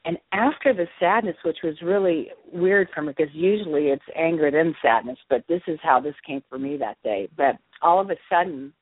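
A woman's voice: low-pitched, normal speed, hardly any pauses, no echo. A middle-aged woman, an author, telling a personal story in a casual interview and acting out her own reactions as she goes. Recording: dry, tinny phone line.

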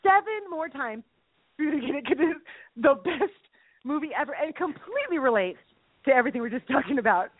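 A woman co-hosting a faith chat, bubbly and quick to burst into laughter as she acts out lines. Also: sits high, very animated, no echo. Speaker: podcast co-host. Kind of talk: casual chat about faith. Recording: tinny phone-like line.

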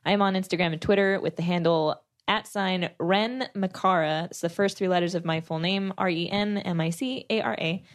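A talkative woman on a podcast panel rambles through casual plugs, peppering her talk with "you know" and "like". Her voice sits a little low for a woman. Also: steady tone, moderate pace, hardly any pauses. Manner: talkative, explains at length, fillers like "you know". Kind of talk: casual chat.

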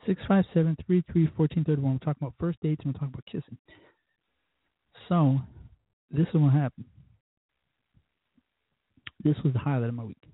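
Guy rambling about his date, husky voice, dry tinny phone line. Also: a little high, a little fast, long pauses, no echo. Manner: profane, rambling, self-mocking. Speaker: podcast host. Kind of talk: casual storytelling monologue.

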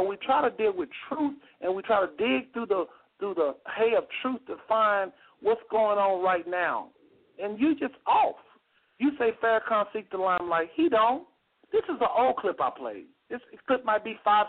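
A high-voiced American man hosts a heated call-in radio show, speaking animatedly at a moderate pace. He's emphatic and argumentative and keeps repeating phrases. The audio is tinny, like a phone line on the radio.

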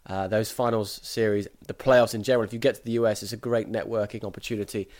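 A man hosting a sports podcast, giving brisk, opinionated analysis and then interviewing a guest. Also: lowish voice, steady tone, darkish tone. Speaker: podcast host.

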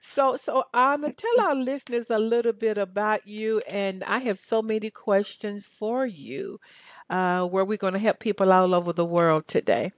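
A woman's voice: medium pitch, normal speed, no room sound. Upbeat Southern woman radio host. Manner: upbeat, chatty, many fillers. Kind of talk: casual radio interview.

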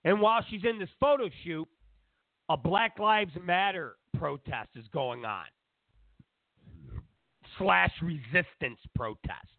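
A man rants through a talk-show monologue in a high, gravelly voice, sarcastic and wandering off on tangents. The sound is thin and phone-like, with no room around it. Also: animated, slow, long pauses, no room sound. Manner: ranting, sarcastic, digressive. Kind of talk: opinionated monologue. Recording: dry, phone-like narrow sound.

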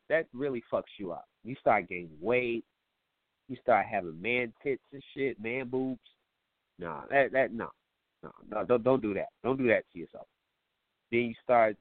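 Man, show host, comedic monologue, profane, animated delivery, dry sound. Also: medium pitch, dry recording. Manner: joking, profane, rambling. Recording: tinny phone-like line, dry.

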